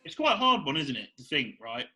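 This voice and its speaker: A British man co-hosting a podcast, crude and excitable, laughing often in casual banter. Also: on the high side, fairly quick. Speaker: podcast co-host.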